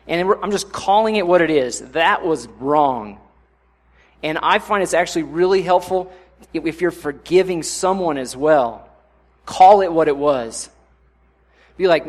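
A man's voice: a little high, moderate pace. Casual-spoken man preaching a sermon. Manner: conversational, acts out inner voices with sudden louder bursts. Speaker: pastor.

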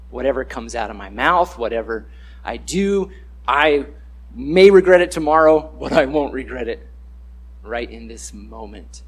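A man giving a casual, conversational sermon, acting out the voices he quotes. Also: on the high side.

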